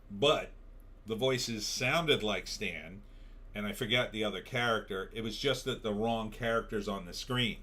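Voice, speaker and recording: A man's voice: medium pitch, pushed and bright. A tired man hosting a livestream, ranting in a casual way and reading out chat comments. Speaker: livestream show host.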